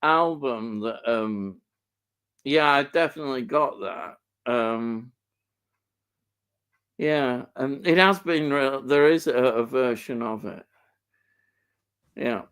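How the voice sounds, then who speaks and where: A man's voice: mid-range voice, slow pace, pauses often, fairly bright tone, clear, resonant tone. A middle-aged Yorkshire man chatting casually on a livestream and reading out viewer comments, with lots of ums and easy laughter. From Yorkshire, England. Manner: hesitant, many ums, laughs easily. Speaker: livestream co-host reading chat. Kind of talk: casual chat.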